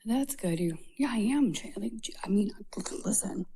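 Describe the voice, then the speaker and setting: A woman's voice: medium pitch, lively intonation, normal speed, dark tone, slight background noise. A woman streamer in casual, rambling live-stream chat. She swears freely and often drops to a whisper.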